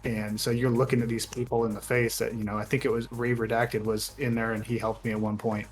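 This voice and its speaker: A man co-hosting a casual podcast, talking in relaxed, run-on thoughts. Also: medium pitch, fairly quick, soft background music. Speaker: podcast co-host. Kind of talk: casual chat.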